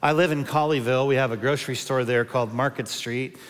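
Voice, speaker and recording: Fifty-something pastor, humorous sermon. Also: male voice, medium pitch, steady tone, fast, in a large hall. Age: 50s. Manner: humorous storytelling with personal anecdotes.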